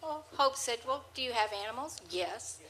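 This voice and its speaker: A woman's voice: high-pitched, brisk, sharp tone, poor audio. A woman telling rambling anecdotes to a live audience, holding a microphone, with frequent restarts. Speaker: storyteller on stage. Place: presentation hall with an audience. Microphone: handheld microphone.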